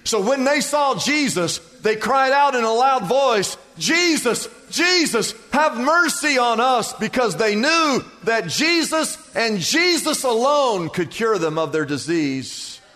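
In a church sanctuary with long hall reverb, a male pastor with a high, somewhat bright voice preaches. His sermon is emphatic and conversational, full of repetition.

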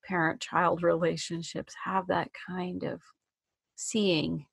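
A woman interviewer speaking slowly and gently, thoughtful, often pausing and restarting. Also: lowish voice, little pitch movement, gravelly, slightly rough, no echo. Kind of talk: personal interview.

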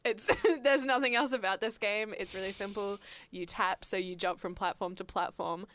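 A woman's voice: medium pitch, steady tone, moderate pace, fairly bright tone. A woman hosting a casual podcast chat, laughing often between sentences. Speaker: podcast host.

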